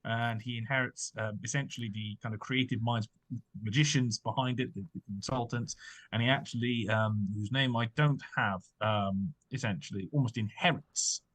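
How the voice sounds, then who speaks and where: Casual podcast host, man, halting delivery full of ums and restarts. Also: medium pitch, a bit bright. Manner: hesitant, many fillers and restarts. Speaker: podcast host presenting research. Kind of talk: casual chat.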